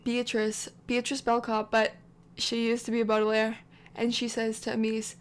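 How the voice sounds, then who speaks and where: Woman narrating her game story, rambles a lot, says "like" all the time, kinda high voice. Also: monotone, normal speed. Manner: rambling, chatty, lots of fillers. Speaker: game channel host. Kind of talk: casual let's-play commentary.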